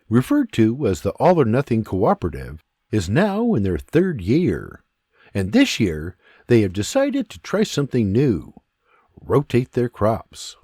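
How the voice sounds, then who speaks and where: A man narrating a historical audiobook in an unhurried, expressive storytelling manner. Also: on the low side, husky, no room sound, studio quality.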